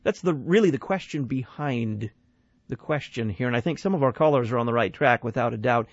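A man's voice: mid-range voice, lively intonation, brisk, dry recording, muffled recording. A man hosting a call-in radio show, talking thoughtfully and emphatically and building his points in lists. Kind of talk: call-in talk radio discussion.

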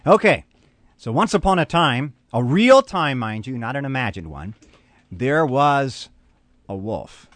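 A pastor telling a dramatic story on a radio program, animated and full of repetition. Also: male voice, medium pitch, a little slow, no echo.

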